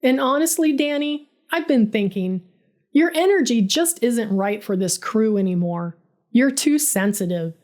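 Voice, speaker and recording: A woman's voice: fairly high pitch, expressive, unhurried, a little mellow. A woman voicing an arrogant, condescending male construction boss in a storybook narration, smug and dismissive.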